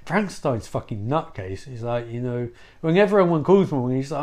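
A man telling a comic story in a rambling, profane, animated way. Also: mid-range voice, a little fast. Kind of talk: comedic storytelling.

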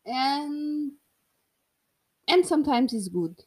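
Portuguese woman vlogger, unhurried, jokey and giggly, mid pitch. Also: lively intonation, a little mellow, breathy edge. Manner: playful, jokey, laughs often. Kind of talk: casual solo monologue.

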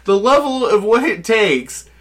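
A man's voice: sits high, very animated, a little slow, fairly bright tone. A man co-hosting a podcast, casually bantering and swearing while recapping a movie. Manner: laughing, profane banter. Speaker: podcast co-host. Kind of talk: casual chat.

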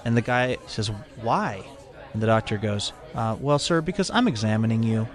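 A man telling a joke hesitantly, with "uh" pauses. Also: lowish voice, a faint crowd.

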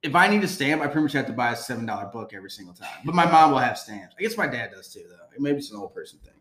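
A man's voice: medium pitch, very animated, very fast, a bit bright. A man co-hosting a podcast, chatting casually with blunt, profane jokes. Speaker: podcast co-host. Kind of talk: casual chat. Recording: echoey room.

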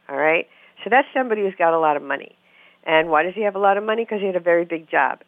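A woman's voice: lowish voice, no room sound. A middle-aged woman therapist explaining relationships in a conversational interview, acting out the voices in her stories. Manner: animated storyteller who acts out quoted voices. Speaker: therapist guest. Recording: dry phone-like narrow sound.

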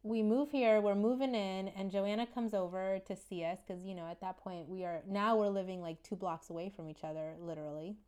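A woman's voice: medium pitch, fairly even intonation, mellow, clear, resonant tone. A woman in her thirties, a neonatologist and podcast co-host, fondly and chattily reminiscing in an interview. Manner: chatty, quick, fond reminiscing. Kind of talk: casual interview storytelling.

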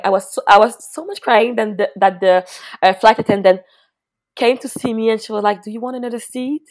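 A young woman tells a personal story in loose, casual chat, cursing freely and restarting her sentences. She drops to a hush, then bursts out laughing. Her voice sits at an ordinary middle pitch. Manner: loose, profane, rambling with many restarts; swings between hushed and loud laughing.

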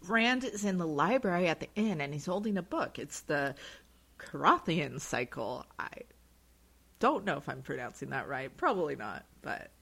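Animated woman recapping a show. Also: sits low, vocal fry, breathy edge. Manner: chatty, lots of fillers, quick laughs. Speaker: podcast co-host recapping episodes. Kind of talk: casual chat recap.

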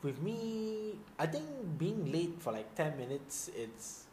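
Relaxed man joking on a podcast. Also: a little high, takes it slowly, a little hiss or hum. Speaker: podcast co-host. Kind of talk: casual podcast chat. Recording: roomy echo.

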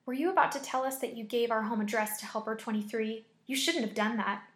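Woman doing an eerie falsetto horror mother. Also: fast, lightly acted. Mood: menacing. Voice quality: unnatural falsetto. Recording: echoey room.

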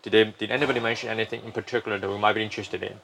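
A man's voice: on the low side, fairly even intonation, very fast, vocal fry, a bit bright, slight background noise. A man, a company founder, explaining his firm at length in a casual interview, often restarting sentences.

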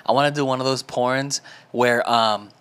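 A man hosting a casual comedy podcast, telling stories in an animated way and laughing often. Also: mid-range voice, moderate pace, smooth. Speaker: podcast host.

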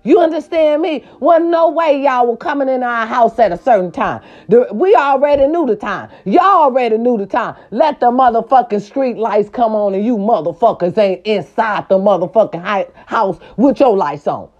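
Loud cussing woman going off on parenting, voice jumps way up when she gets worked up, kinda muffled lo-fi sound. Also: moderate pace, hardly any pauses. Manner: brash, profane, scolding, swings up high for emphasis. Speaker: host of a talk segment. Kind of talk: loud casual monologue to viewers. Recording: slightly dull lo-fi sound.

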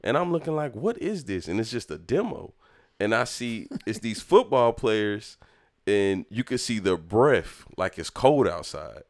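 Low-voiced man telling a story with flair. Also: unhurried. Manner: animated, acts out voices in his story. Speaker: storyteller talking with his mother. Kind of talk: casual storytelling chat.

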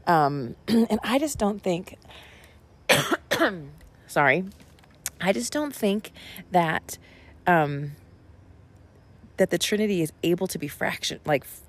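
A woman's voice: on the low side, expressive, slow pace, long pauses. A woman pastor talking casually about her sermon, rambling and conversational with many asides. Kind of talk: casual spoken reflection on a sermon.

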